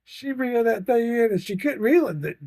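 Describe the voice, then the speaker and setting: A man's voice: very high-pitched, brisk, vocal fry, mellow, dry recording. An older man telling a rambling, profane story about his grandchildren, laughing often. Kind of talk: casual storytelling.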